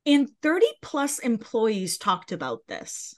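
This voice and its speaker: A woman's voice: a little high, very animated, takes it slowly. A woman co-hosting a pop-culture podcast, chatting in a gossipy way with many fillers. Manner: chatty, gossipy, says "like" a lot. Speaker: podcast co-host. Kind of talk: casual pop-culture chat.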